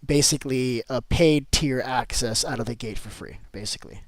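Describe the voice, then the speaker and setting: A man's voice: medium pitch, normal speed, no echo. A man chatting casually with viewers on a live game stream, answering chat and repeating himself as he talks.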